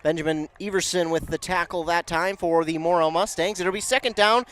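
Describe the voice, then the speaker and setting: A man calling a local high school football game, chatty and self-correcting, rising in pitch and volume on big plays. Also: brisk, a bit bright, a little hiss or hum. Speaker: play-by-play announcer. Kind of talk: local football play-by-play commentary.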